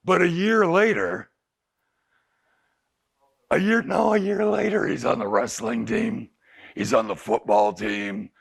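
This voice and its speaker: A man's voice: a little high, very animated, slow pace, gravelly, pauses often. A middle-aged male addiction counselor talking candidly to a recovery group, often asking them rhetorical questions. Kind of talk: group talk to clients. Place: recovery house group room.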